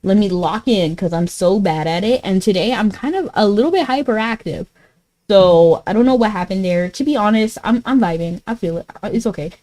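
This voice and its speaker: A woman's voice: mid-range voice, expressive, brisk, dark tone, rough recording. A woman streaming a game, chatting casually and giggling as she answers her chat. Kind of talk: casual live-stream chat while gaming.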